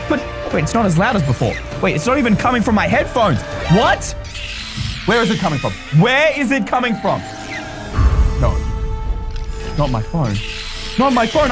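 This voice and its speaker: A man's voice: extremely high pitch, big pitch swings, a little fast. A man giving jumpy, panicky gameplay commentary at his computer, talking straight to his viewers. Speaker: gaming YouTuber. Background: background music.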